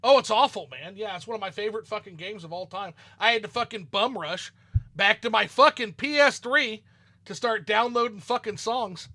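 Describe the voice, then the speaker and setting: A man with a high, bright, forceful voice and a Southern twang blended with a flat Midwestern accent. He hosts a casual online chat, talking loosely and swearing a lot over a call mic. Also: normal speed. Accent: Southern US mixed with Midwestern.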